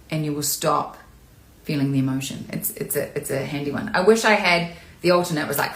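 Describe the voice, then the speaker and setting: A woman's voice: deep voice, fairly bright tone. A woman acting coach talking candidly and chattily in a live-streamed Q&A, sometimes showing emotion. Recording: echoey room.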